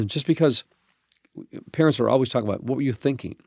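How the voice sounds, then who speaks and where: A man's voice: medium pitch, expressive, brisk, no room sound, clean studio sound. A middle-aged man hosting a faith-based podcast, talking in an emphatic, preacherly way with frequent restarts. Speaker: podcast host.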